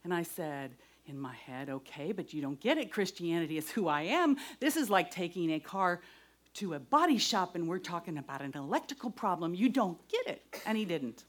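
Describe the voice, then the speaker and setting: A woman's voice: lowish voice, sing-song, moderate pace. Earnest woman giving a devotional talk. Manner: earnest, shifts from loud to whispered. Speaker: speaker giving a testimony. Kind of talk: devotional talk with personal story.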